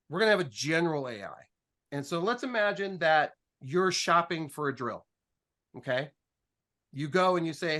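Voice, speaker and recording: A man with a fairly high voice tells a business story to a panel, loose and joking. He acts out both sides of conversations and often restarts his sentences mid-thought. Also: a bit bright. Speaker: panel guest telling a startup story. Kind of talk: casual storytelling talk.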